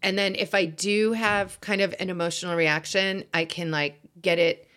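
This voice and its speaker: A woman's voice: on the low side, steady tone, normal speed, fairly bright tone. A woman in her forties co-hosting a casual chat, talking in a candid, reflective way and swearing casually. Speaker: podcast co-host.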